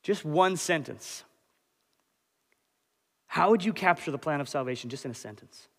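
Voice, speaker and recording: A man in his late twenties preaching a sermon as pastor, animated and conversational. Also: on the high side, moderate pace. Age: 20s. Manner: animated, conversational, self-deprecating. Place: church hall. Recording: long hall reverb.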